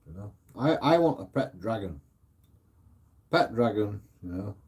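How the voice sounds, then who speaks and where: Middle-aged male streamer, mellow low voice, loose rambling delivery full of swearing. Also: big pitch swings, measured pace, husky. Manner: swears a lot, repeats himself, trails off. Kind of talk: rambling casual chat.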